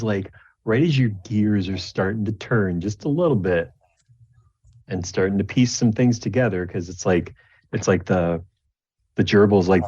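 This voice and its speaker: A very low-voiced man runs a tabletop game as game master, narrating in a loose, rambling way full of restarts and fillers. The recording is dull and lo-fi in a dry, close space. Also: a little mellow, dry recording. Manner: rambling, many restarts and likes.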